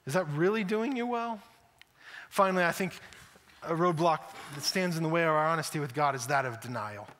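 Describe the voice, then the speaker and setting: Man, pastor, conversational sermon, bright tone, echoing church hall. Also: on the high side, fairly quick, a little hiss or hum. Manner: conversational, acts out quotes, repeats words. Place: church sanctuary.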